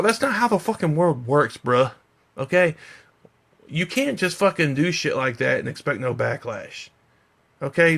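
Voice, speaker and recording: A man's voice: sits high, a bit bright. A slightly drunk man ranting on a live stream, heated, profane and rambling. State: a little drunk. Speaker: vlogger.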